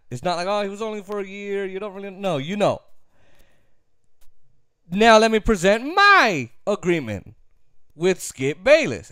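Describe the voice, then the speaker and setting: High, animated man ranting about football. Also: dry recording, clean studio sound. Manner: emphatic, repetitive, laughs easily. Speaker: sports commentator. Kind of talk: opinionated sports talk rant.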